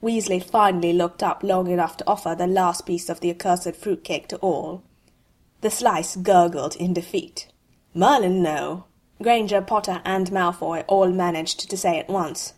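A woman reading a humorous fan fiction story aloud in an expressive, wry way. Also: on the low side, moderate pace. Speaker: narrator.

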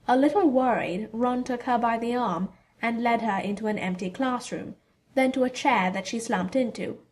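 A woman narrating a fan fiction story in a steady storytelling delivery. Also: on the high side, normal speed.

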